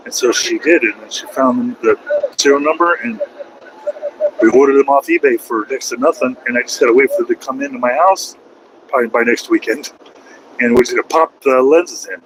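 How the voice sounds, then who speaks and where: A man's voice: medium pitch, a little fast, noisy background. Rambling trucker man vlogging from his cab. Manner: loose and conversational, slangy, repeats himself and trails off. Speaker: truck driver vlogging from the road. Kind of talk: casual rambling vlog chat.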